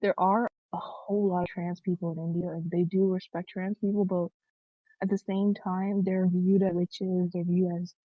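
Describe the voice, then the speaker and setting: A woman's voice: lowish voice, level tone, moderate pace, no room sound. A young woman co-hosting a podcast, talking earnestly with lots of likes and ums. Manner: earnest, filler-heavy with many likes and ums. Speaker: podcast co-host. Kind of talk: casual discussion. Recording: dull lo-fi dry sound.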